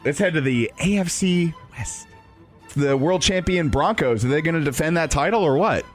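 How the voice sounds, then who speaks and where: Lively joking man hosting sports talk. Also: a little high, moderate pace, faint music behind. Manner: lively, joking, laughs often. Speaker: radio show host. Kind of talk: casual sports talk radio chat.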